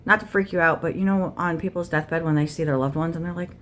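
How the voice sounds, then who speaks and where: In a low, steady voice and at a quick pace, a woman who reads tarot delivers a channeled spiritual rant straight to camera. Speaking for her spirit guide, she curses a lot, talks bluntly and argues with herself.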